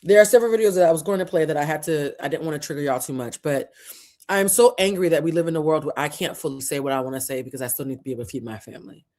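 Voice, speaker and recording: The host of a culture and tarot channel speaks to camera in a mid-range, darkish voice at a very fast clip. The commentary is impassioned, fiery and profane, preached with repeated phrases while the host is near tears.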